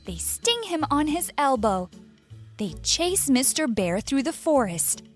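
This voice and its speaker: Slow, expressive woman storyteller. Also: high-pitched, soft background music. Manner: clear, expressive, deliberate. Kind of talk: slow scripted story narration for learners.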